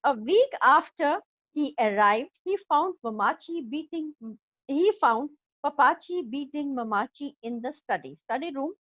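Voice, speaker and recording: A woman's voice: sits high, animated, measured pace, dry recording, muffled recording. A woman teaching an English class, explaining a story line by line with an Indian English accent and checking often that her students have understood.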